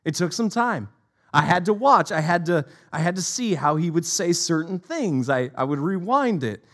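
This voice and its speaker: A man in his forties preaching a sermon, telling stories with lively repeated phrases. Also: fairly high pitch, normal speed.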